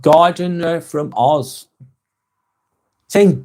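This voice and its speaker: A man with a Lancashire accent chats on his live vlog and reads out viewer comments. He is blunt and emphatic and swears freely, in a voice pitched a touch high. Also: lively intonation, normal speed, a little mellow. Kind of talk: live-stream chat, reading viewer comments.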